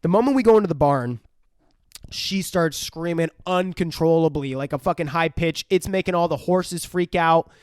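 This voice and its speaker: High-voiced podcast guy cussing his way through a movie recap, dry close sound. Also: moderate pace, smooth, no echo. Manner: profane, animated scene retelling with acted quotes. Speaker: podcast co-host. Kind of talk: casual film review chat.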